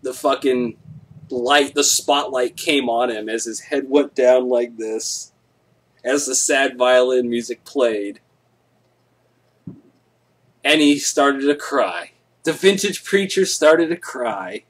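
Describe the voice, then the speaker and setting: A man's voice: mid-range voice, slow, husky. A man hosting a live stream, telling a rambling, profane, jokey story to his viewers.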